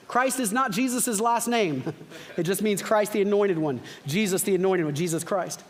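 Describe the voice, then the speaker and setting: A man's voice: sits high, expressive, moderate pace. A male pastor preaching a sermon in a church, conversational and teaching, often repeating words, with bursts of fervent emphasis. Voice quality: frequent repeated words and restarts.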